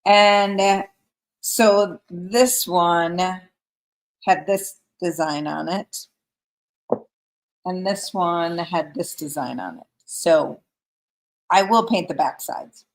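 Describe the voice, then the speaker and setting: A woman's voice: on the low side, slow pace, long pauses. A woman hosting a live craft stream, chatting casually and reading viewer comments aloud. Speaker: craft livestream host. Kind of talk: casual livestream chat.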